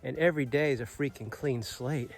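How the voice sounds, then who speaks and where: A man's voice: medium pitch, brisk, faint music behind. A man in his late forties giving an earnest, motivational vlog talk outdoors, swearing casually. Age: 40s. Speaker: vlogger. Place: outdoors on a Caribbean island.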